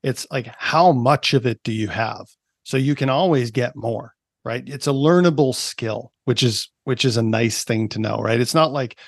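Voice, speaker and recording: A man's voice: mid-range voice, normal speed, gravelly, slightly rough, no room sound. Canadian-raised man in his thirties, performance coach, casual explainer with lots of filler, dry close mic. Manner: chatty, explanatory, lots of "like" and "right?". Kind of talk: casual podcast interview.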